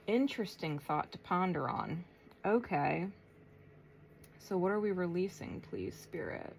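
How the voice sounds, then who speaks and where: A woman tarot reader channeling messages aloud, thinking as she goes, with long pauses and a soft, unhurried way of talking. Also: lowish voice, expressive, vocal fry, a little hiss or hum. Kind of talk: slow, reflective spiritual channeling.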